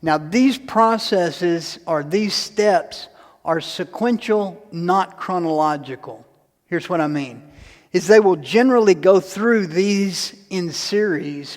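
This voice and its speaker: High-voiced man teaching in a church. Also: expressive, takes it slowly. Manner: folksy, acts out little scenes in different voices. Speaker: lay speaker at parish mission. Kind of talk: church talk. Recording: long hall reverb.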